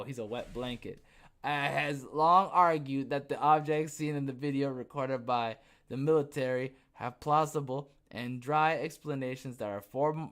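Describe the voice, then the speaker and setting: A man's voice: mid-range voice, fairly bright tone. A young man hosts a podcast and talks through news items in a casual, mid-range voice. He reads a line, then breaks off into sarcastic remarks. He stumbles over his words, restarts and fills the gaps with "uh" and "um". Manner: sarcastic asides, frequent fillers and restarts. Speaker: podcast host. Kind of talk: casual commentary reading news aloud.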